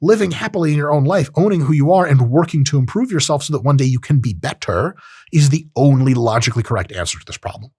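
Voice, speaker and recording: A man's voice: medium pitch, animated, fast talker, darkish tone, breathy edge, no room sound, clean studio sound. A man hosting a podcast, giving a blunt, profane casual monologue and acting out short voices. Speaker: podcast host. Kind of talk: casual monologue on self-improvement.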